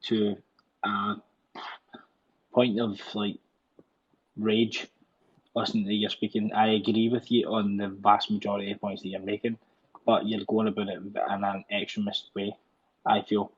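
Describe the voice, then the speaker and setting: A man's voice: lowish voice, flat delivery, measured pace, long pauses, breathy edge. A Scottish man calling in to a show, speaking in an argumentative, insistent way over a poor phone line. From Scotland. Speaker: caller.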